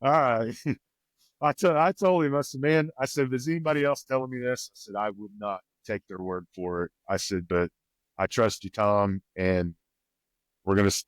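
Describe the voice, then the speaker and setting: Podcast guest, male, twang, folksy storyteller, lowish voice, dry booth sound. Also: dry recording. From Missouri, USA. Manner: rambling, folksy, quotes others with raised pitch. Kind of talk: casual storytelling.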